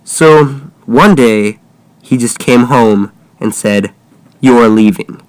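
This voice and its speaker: A man's voice: mid-range voice, slow pace, no room sound. A young man casually improvising a first-person horror story, with offhand, jokey asides.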